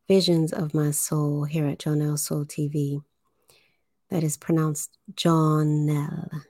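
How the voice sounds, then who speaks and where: A woman hosting a spiritual livestream, speaking deliberately, enunciating carefully and guiding listeners through breathing. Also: low-pitched, dark tone, no echo, clean studio sound. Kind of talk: slow spiritual livestream talk.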